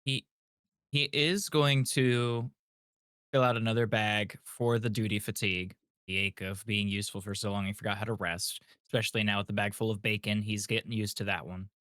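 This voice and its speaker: Smooth-voiced hesitant man, game player. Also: lowish voice, fairly even intonation, normal speed, fairly bright tone, no echo, studio quality. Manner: hesitant, many fillers. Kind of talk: describing a character's actions.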